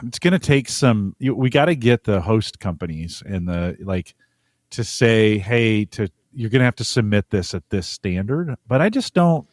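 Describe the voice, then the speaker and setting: A man co-hosting a podcast, relaxed, thinking aloud and trailing off in casual chat. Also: on the low side, moderate pace, dry recording, clean studio sound. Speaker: podcast co-host.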